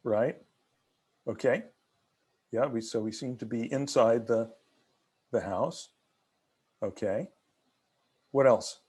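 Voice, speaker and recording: Guy running a haiku class over a video call, keeps quizzing folks, mid-pitched voice. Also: slow pace, long pauses, darkish tone, husky. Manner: questioning, teacherly, many restarts. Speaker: haiku workshop leader. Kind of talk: online workshop discussion.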